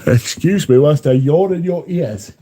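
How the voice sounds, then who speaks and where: British bloke on a livestream, mellow voice, casual swear-y chat reading out comments. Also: male voice, on the high side, measured pace. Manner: chatty, swears freely, frequent fillers.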